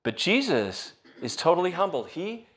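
A man preaching a sermon in a relaxed, conversational way, acting out quoted lines with rising and falling voice. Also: high-pitched, moderate pace. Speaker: pastor.

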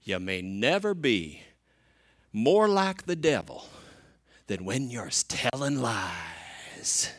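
A man's voice: medium pitch, big pitch swings, takes it slowly, no room sound, studio quality. A man doing an old Southern preacher. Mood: solemn.

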